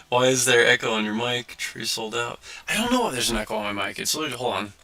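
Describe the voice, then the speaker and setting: Bright-voiced young man, animated livestream chat. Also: mid-range voice, fairly quick, soft background music. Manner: animated storytelling, acting out quotes with many filler likes. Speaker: livestream host.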